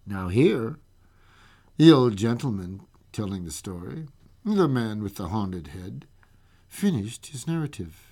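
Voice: mid-range voice, very animated, slow, gravelly, long pauses, sharp tone. A radio host giving a dramatic reading of a classic ghost story, with playful spooky asides.

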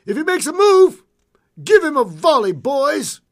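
A man's voice: on the high side, very animated, slow pace, full character voice. A man voicing a polite but firm masked stagecoach bandit in a told story. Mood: shouting. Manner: firm, distinctive, polite demands.

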